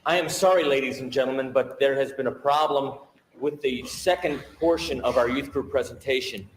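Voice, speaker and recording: A man's voice: medium pitch, normal speed, reverberant, slight background noise, lightly acted, poor audio. An actor playing a formal, apologetic male announcer speaking to a church audience.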